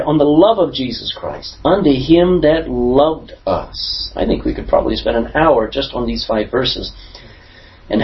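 Guy teaching bible class, asks people questions, bouncy animated voice, kinda muffled lo-fi sound. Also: medium pitch. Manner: asks the class questions, lively emphatic delivery. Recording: dull lo-fi recording.

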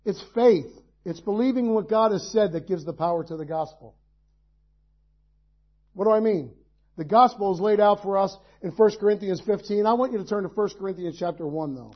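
A man's voice: sits high, moderate pace, highs cut off. A male pastor preaching a sermon, in a conversational style with folksy asides and rhetorical questions.

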